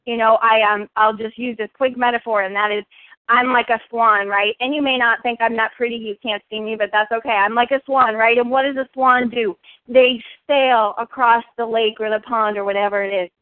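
A woman's voice: fairly high pitch, steady tone, a little fast, dry recording. A woman sharing personally at a recovery meeting, earnest and full of rhetorical questions. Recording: phone-like dry line.

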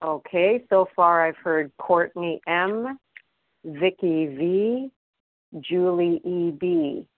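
A woman chairing a meeting, calmly calling on speakers by name in turn. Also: on the low side, takes it slowly, no room sound. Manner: orderly, reads out names. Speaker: meeting leader. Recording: tinny phone line.

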